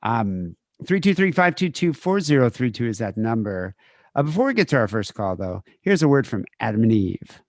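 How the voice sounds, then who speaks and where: A man's voice: mid-range voice, big pitch swings, moderate pace, no echo, studio quality. Sweary man in loose podcast chat. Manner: rambling, heavy swearing, trailing off mid-sentence. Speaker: podcast co-host.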